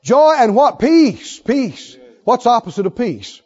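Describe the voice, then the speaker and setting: A man preaching a sermon with emphasis, repeating key phrases and swinging between loud declarations and soft asides. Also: very high voice, very animated, slow, dull audio.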